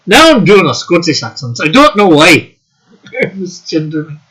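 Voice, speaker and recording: A man hosting a casual livestream, rambling and halting as he answers viewer comments with fillers and laughs. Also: fairly high pitch, big pitch swings, bright, forceful tone, husky, low-quality recording. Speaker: livestream host.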